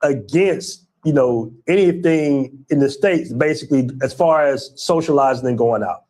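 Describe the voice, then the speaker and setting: A man's voice: mid-range voice, moderate pace. Laid-back man, "you know" speech. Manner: relaxed, filler-heavy, says "you know" often. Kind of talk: casual explaining.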